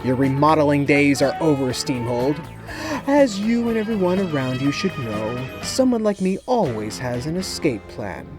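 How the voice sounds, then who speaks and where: A man's voice: on the high side, lively intonation, moderate pace, over music, lightly acted. A man voicing an eager, wisecracking young male junior spy in a storybook reading, in a plain, slightly cheeky voice. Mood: plucky.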